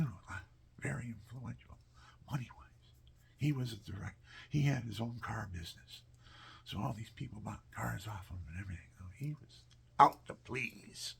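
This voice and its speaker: A man telling personal stories in a casual, animated way, often dropping to a near whisper. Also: fairly low pitch, normal speed, creaky, long pauses, husky. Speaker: storyteller.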